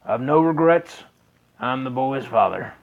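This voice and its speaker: A man voicing a grave older father who gave up soldiering, in a lowered, solemn voice. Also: animated, a little slow, vocal fry, narrow, tinny audio.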